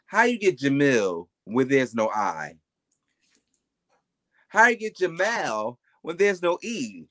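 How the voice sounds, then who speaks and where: A man's voice: medium pitch, very animated, slow, fairly bright tone. A man, a podcast guest, telling stories in casual interview chat with a blunt, emphatic and profane manner.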